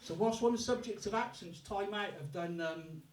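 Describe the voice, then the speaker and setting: Brummie stand-up comic in an echoey club. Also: male voice, high voice, moderate pace. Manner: swears freely, puts on voices for accents. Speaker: stand-up comedian. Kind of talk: stand-up comedy set. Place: live comedy club. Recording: echoey room from far off.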